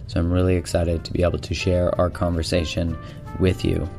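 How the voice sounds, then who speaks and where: Deep-voiced enthusiastic male podcast host. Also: completely flat delivery, fairly quick, music in the background. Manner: warm, enthusiastic and chatty. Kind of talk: podcast intro and casual interview.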